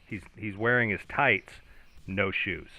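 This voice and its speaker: Wry man with a bright lower voice. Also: a little slow. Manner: wry, restarts phrases, dry humor. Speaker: podcast co-host. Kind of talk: casual chat.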